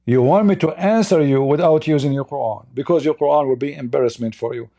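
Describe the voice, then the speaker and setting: A man's voice: on the high side, fast talker, dark tone. Mocking, combative man hosting a call-in debate. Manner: mocking, combative, laughs at callers. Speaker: host of a call-in debate stream. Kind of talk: live call-in religious debate.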